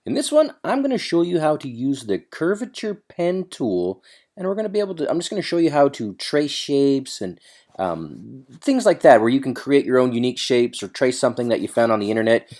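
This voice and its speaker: A man hosting a casual screen-recorded software tutorial, chatty and loose, thinking aloud as he works. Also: mid-range voice, very animated, a little fast.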